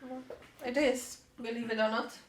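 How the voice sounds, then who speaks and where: A woman's voice: on the high side, steady tone, moderate pace. A woman who works in the office, giving brief, breezy replies in a casual chat. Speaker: office worker. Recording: echoey room from off-mic.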